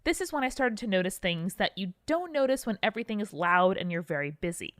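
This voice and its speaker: A woman's voice: medium pitch, animated, fast, no echo, clean studio sound. A woman co-hosting a podcast, reading listener ghost stories aloud in a casual, dramatic way. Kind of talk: casual chat and story reading.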